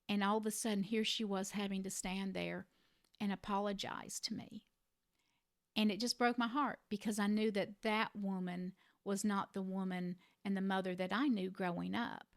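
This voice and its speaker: A middle-aged woman who cared for a parent, telling a personal story to the camera in an earnest, reflective way with gentle emphasis. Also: medium pitch, no room sound, studio quality. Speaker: family caregiver sharing advice.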